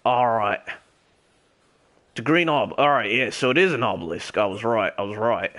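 A young man in a put-on Australian accent rambles through a game session in character, cursing freely and hollering greetings at strangers. His voice sits at an ordinary middle pitch for a man. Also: expressive, normal speed. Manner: rambling, swears a lot, calls out loudly to other players. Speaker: streamer playing as a character. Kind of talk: in-character game role-play stream.

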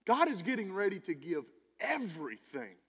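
Animated preacher, high voice, church hall reverb. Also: male voice, moderate pace, breathy edge. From Texas. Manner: animated, preachy, swings between loud emphasis and quiet asides. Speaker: pastor. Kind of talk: sermon. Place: church sanctuary.

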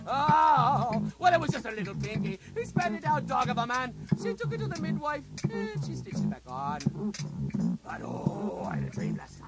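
A gravelly performer croons and declaims a comic tale in a mock sea-shanty style, hailing the listeners as lads and mates. The pitch leaps and plunges wildly from line to line, and loud music plays beneath the voice. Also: huge pitch swings, normal speed, poor audio. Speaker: singer and storyteller. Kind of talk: theatrical sung and spoken comic storytelling.

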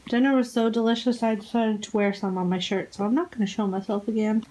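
A woman's voice: on the high side, fairly even intonation, fast talker, hardly any pauses, mellow. A woman hosting a casual home vlog, chatting to viewers and her dogs in the kitchen. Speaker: vlog host. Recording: noisy home recording.

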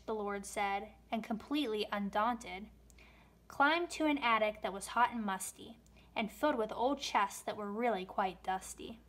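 A woman reading a rhyming children's book aloud, with expressive storytelling delivery. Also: medium pitch, unhurried.

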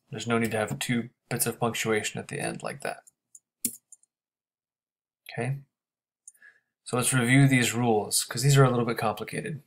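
A man teaching a grammar lesson, explaining step by step and checking in with quick questions. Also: mid-range voice.

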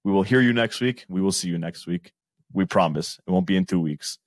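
A man's voice: deep voice, brisk, no room sound. A man co-hosting a casual sports podcast, joking around and laughing often. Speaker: podcast co-host. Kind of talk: casual chat.

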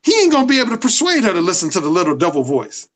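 A man's voice: high-pitched, huge pitch swings, racing, low-quality recording. A man being interviewed as a dating coach, lecturing emphatically and swearing freely. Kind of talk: casual interview.

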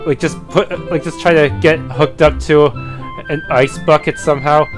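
A man with a fairly high voice making casual, offhand asides while he plays a story game. Game music plays faintly behind him. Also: fairly even intonation, normal speed. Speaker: let's play commentator. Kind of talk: reading game dialogue with asides.

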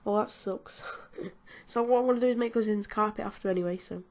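A woman's voice: mid-range voice, fast, darkish tone. British woman playing a game, chatty n giggly, keeps talking to the characters. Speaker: gaming channel host. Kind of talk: casual gameplay commentary.

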